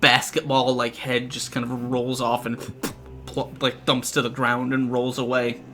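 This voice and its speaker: A man's voice: medium pitch, completely flat delivery, unhurried, fairly bright tone, faint music behind. A man narrating as game master in a live-streamed tabletop game, stumbling over restarts and then describing gory detail vividly.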